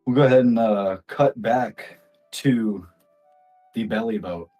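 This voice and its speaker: A man runs a tabletop game as game master, speaking slowly in a low voice. He talks in a relaxed way with plenty of ums and uhs, and soft music plays behind him. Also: dull audio. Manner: relaxed, with frequent fillers.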